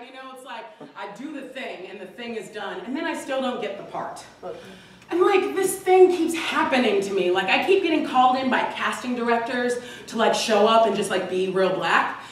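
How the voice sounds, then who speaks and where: A woman performing animated stand-up comedy and laughing often, recorded live from a distance in an echoey club. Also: high voice. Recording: live comedy club, far from mic, echoey, audience heard. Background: audience laughing.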